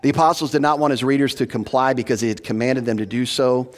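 Speaking fast with a medium-pitched voice, this pastor delivers an expository sermon in a church hall. His manner is earnest and teacherly, hammering points home through repetition, with long hall reverb on the recording.

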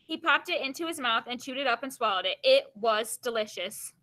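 A woman reading a children's chapter book aloud, pausing to explain the story in plain, casual words. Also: fairly high pitch, animated, sharp tone, poor audio.

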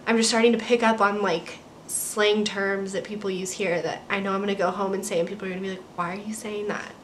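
A woman's voice: medium pitch, flat delivery, fast, a little hiss or hum. Young American woman, college student; chatty, rambling vlog delivery, indoors at home. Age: young adult. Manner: bubbly, rambling, heavy use of "like" and "um". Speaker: vlogger, college student studying abroad. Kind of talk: casual chatty vlog update. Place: her apartment, indoors.

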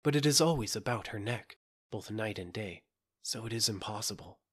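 A man's voice: lively intonation, moderate pace, slightly rough. A man doing a fearful young maid, confiding. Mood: warning. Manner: low, confiding, conspiratorial. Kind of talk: storybook reading.

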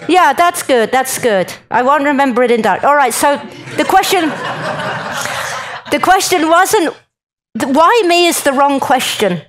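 A woman's voice: high-pitched, lively intonation, unhurried, low-quality recording. A woman giving a chatty, joking talk to a live conference audience and speaking straight to the crowd.

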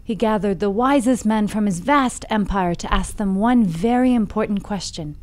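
A woman reads out a scripted storytelling segment on a podcast at an ordinary middle pitch for a woman. Between passages she turns playful and laughs at herself. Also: moderate pace. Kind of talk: reading a scripted segment and chatting.

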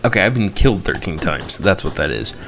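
A man commentating his mobile game playthrough, playful and excitable, chanting silly eating noises and squealing high at surprises. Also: brisk, vocal fry. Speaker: gamer. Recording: game music behind.

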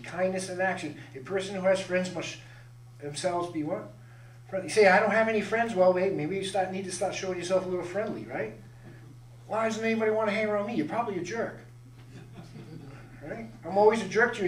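A man's voice: sits high, echoey room, recorded from a distance, a little hiss or hum, poor audio. A man preaching a sermon as pastor, emphatic and full of rhetorical questions to the congregation. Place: church sanctuary.

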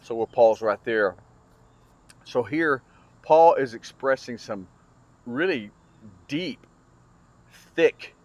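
A man teaching a Bible study lesson in an earnest, explanatory way, with small restarts and fillers. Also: medium pitch.

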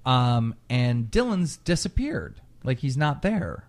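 This podcast host speaks slowly in a mid-range voice while chatting casually through a long story. He's profane and lively, performing the quotes of the people involved.

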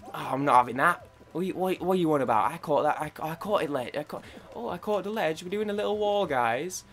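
Young man, gaming commentary, slightly high and very animated, grumbles then shouts. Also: a little fast, faint music behind. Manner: excitable, swings from muttered frustration to yelling. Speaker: gaming video creator. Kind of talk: casual gameplay commentary.

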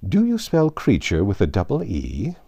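A man's voice: fairly low pitch, wildly swooping pitch, moderate pace, creaky, warm tone, exaggerated voice. A man reading aloud, voicing a fussy, nervous old king who repeats himself. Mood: fretful. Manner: anxious, repeats words.

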